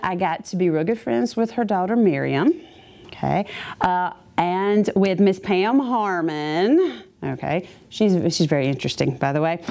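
A woman giving a chatty personal testimony to a church congregation, with many asides. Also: medium pitch. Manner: chatty, animated storytelling with asides.

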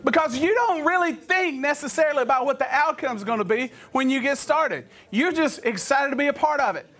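A middle-aged man whose voice sits unusually high for a man. He speaks as a youth minister addressing a group of teenagers, telling animated, humorous stories and throwing questions at the crowd. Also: fairly quick. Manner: animated storytelling with audience questions.

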